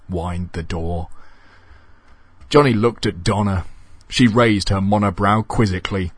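A man reading a comic horror story aloud in a wry, deadpan way. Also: deep voice, a little slow, long pauses, slightly rough, no room sound.

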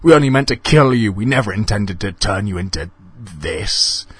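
A man's voice: on the low side, animated, moderate pace, breathy edge, dry recording. A man voicing a nervous pipe-loving man who stammers and pleads.

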